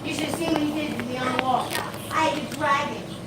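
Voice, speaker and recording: Blunt lady talking far from the mic, high voice, super echoey noisy room. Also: steady tone, fast. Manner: blunt, swears casually. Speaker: host's wife. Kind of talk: casual family chat. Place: at home.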